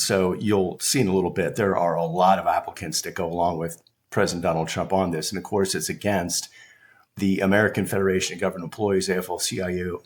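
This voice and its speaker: A man hosting a casual political commentary, walking through a court filing in a conversational, explanatory way. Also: deep voice. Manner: conversational and explanatory, restarts and filler phrases.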